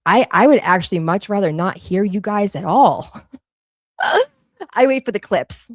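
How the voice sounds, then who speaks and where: A Boston woman hosting a livestream, talking through online drama in a blunt, sarcastic way and swearing freely. Her voice sits at a middle pitch. The sound is dry and close, with no room around it. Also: expressive, a little slow, no room sound. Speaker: livestream host. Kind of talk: casual commentary livestream.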